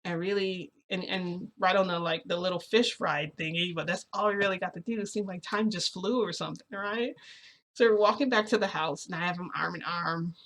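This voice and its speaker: A woman vlogger casually telling her viewers a long personal story, chatty and full of fillers, getting excited as she goes. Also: fairly low pitch, brisk. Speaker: vlogger recounting a reality shift.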